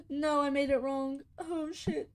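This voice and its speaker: A woman's voice: high voice, slow pace, slight background noise. A young woman hosting a gaming channel, giving playful, sassy commentary and talking back to the characters as she plays. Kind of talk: casual gameplay commentary.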